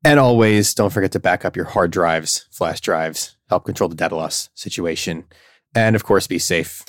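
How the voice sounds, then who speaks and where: A man in his early thirties hosts a casual podcast, talking in a relaxed way as he wraps up the show. His voice sits very low. The sound is dry and close to the microphone. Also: normal speed, no room sound. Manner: relaxed, wraps up with sign-off plugs. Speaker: podcast host.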